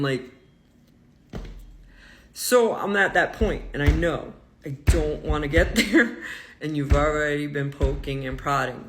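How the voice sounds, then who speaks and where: Gravelly, indignant man ranting. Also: fairly high pitch. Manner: animated, indignant, swings between loud outbursts and muttered asides. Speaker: vlogger. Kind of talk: casual storytelling rant.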